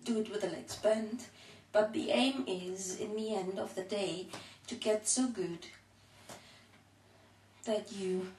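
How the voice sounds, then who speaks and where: A woman's voice: medium pitch, darkish tone, a little hiss or hum. A woman leading a home tummy workout, counting out the repetitions as she does them and a little out of breath. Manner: slow, counting out repetitions while exercising. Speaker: home exercise instructor. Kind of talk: counting through a workout demonstration. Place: room at home. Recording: echoey room, mic far off.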